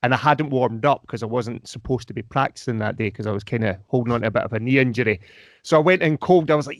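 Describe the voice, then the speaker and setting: A man, a podcast co-host telling a story in a lively way. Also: mid-range voice, fast, no room sound, studio quality. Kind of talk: casual storytelling.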